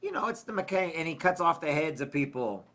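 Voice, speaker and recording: A man's voice: fairly high pitch, very animated, a little fast, sharp tone. Rambling man hosting a casual livestream. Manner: rambling, loses his train of thought. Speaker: livestream host.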